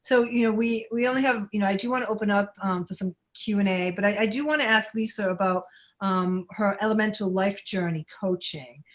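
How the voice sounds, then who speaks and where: A woman hosts a casual podcast interview at a middle pitch. She talks in a friendly, easygoing way, with plenty of "um" and "you know" as she leads into her questions. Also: a little fast. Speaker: podcast host.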